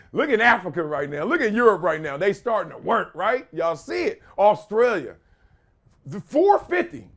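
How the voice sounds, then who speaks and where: A male podcast host with a high voice that swoops up and down as he talks. He laughs often and drops briefly into quick voices of other people, riffing in a loose, casual way. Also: very animated, a bit bright. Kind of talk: casual commentary talk.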